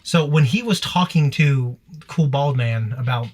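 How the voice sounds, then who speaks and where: A man's voice: mid-range voice, a little slow. A man hosting a casual post-episode reaction discussion, rambling with frequent restarts and casual swearing. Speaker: reaction channel host.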